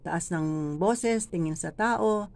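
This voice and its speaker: A woman with a Filipino accent runs a workshop for church readers at an unhurried, careful pace. Her voice sits on the low side, and she shapes each phrase deliberately as she demonstrates it. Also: vocal fry, a little mellow. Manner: deliberate, demonstrates phrasing by reading lines aloud slowly. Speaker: lector trainer. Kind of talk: teaching scripture reading in a workshop.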